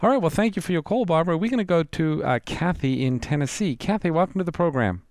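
A man's voice: fairly high pitch, lively intonation, quick pace, darkish tone, no echo, studio quality. A man co-hosting a call-in radio show, affirming points and moving to the next caller. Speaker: radio co-host.

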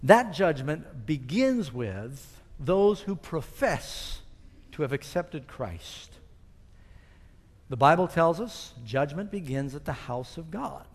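High-voiced preacher man in a reverberant hall. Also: sing-song, slow. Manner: emphatic, rising and falling with scripture quotes, asks the audience questions. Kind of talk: sermon.

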